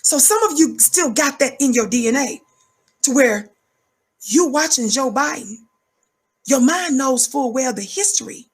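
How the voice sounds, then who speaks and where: Husky fiery woman commentator. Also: animated, a little slow. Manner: emphatic, rhythmic, repeats words for effect; calls herself high-energy. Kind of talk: fiery preaching-style commentary.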